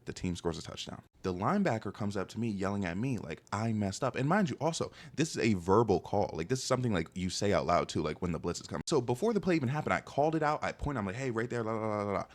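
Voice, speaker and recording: A young man telling a long story in a casual monologue, animated and exasperated, full of "like" and "bro". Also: lowish voice, fast talker, hardly any pauses.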